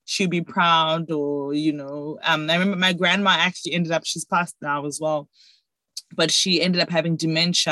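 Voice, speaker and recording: A woman's voice: low-pitched, no room sound. Reflective young woman. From Zimbabwe. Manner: reflective, soft-spoken. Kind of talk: heartfelt conversational chat.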